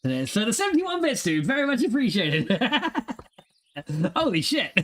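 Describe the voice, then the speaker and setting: A man streaming a game live, reading and thanking his chat in an excitable, giggly way with plenty of swearing. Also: high-pitched, a little slow.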